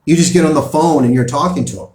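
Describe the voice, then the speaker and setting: A man's voice: on the high side, fast talker, a little mellow, echoey room. A man giving opinion commentary, reading out news articles and pressing his points emphatically. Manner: emphatic, rising and falling in bursts.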